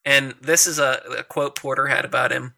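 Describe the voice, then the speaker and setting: A man's voice: medium pitch, fairly even intonation, normal speed, gravelly, pushed and bright. A man telling stories in casual conversation, chatty and laughing often. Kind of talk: casual conversation about poetry.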